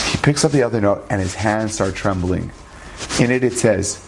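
A man's voice: fairly low pitch, moderate pace, gravelly, noisy background. Earnest man telling a religious story. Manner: earnest, sprinkles Hebrew terms, acts out quoted dialogue.

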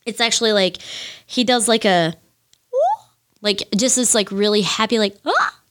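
A woman's voice: mid-range voice, normal speed, fairly bright tone. A woman in her thirties hosting a podcast, chatting casually and rambling with lots of fillers and the odd swear as she gushes. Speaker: podcast host. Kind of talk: casual solo music chat.

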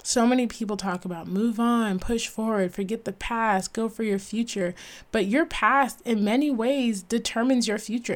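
Earnest woman hosting a solo talk. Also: medium pitch. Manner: earnest, emphatic, laughs at herself. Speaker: podcast host.

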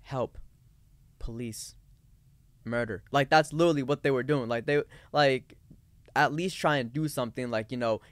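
A man's voice: medium pitch, brisk, no echo. A man co-hosting a casual podcast discussion, talking in rambling runs full of fillers and restarts. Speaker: podcast co-host.

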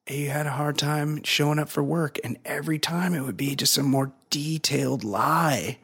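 A man's voice: on the high side, slightly rough. A man co-hosting a podcast, joking and swearing loosely in rambling chat. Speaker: podcast co-host. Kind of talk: casual podcast banter.

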